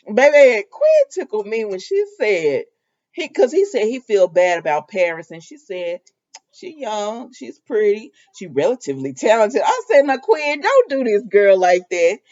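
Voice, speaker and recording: A woman's voice: mid-range voice, darkish tone, highs cut off. A woman giving a casual, sassy recap of a soap opera episode. She laughs often and talks back to the characters.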